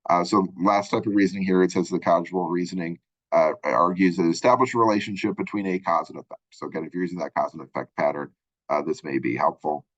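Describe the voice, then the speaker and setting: A man's voice: sits low, fairly even intonation, fast, highs cut off. A male college instructor giving a recorded lecture, explaining in a rambling way with many fillers and restarts.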